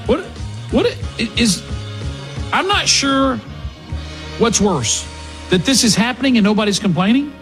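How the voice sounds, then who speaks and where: Man, talk radio host, sarcastic, mocking, high voice. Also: animated, a little slow, long pauses, fairly bright tone, faint music behind. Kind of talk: political talk radio monologue.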